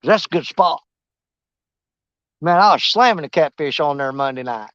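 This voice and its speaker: Rambling and joking in a folksy manner, a man chats casually while fishing on a riverbank for his vlog. His voice sits high, sing-song and a bit bright, fairly quick, in a muffled recording without echo.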